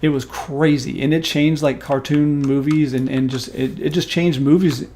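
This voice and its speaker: Gravelly, animated man telling a story. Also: fairly high pitch, normal speed, a little hiss or hum. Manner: animated, profane, emphatic storyteller. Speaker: stream host. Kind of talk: casual storytelling chat.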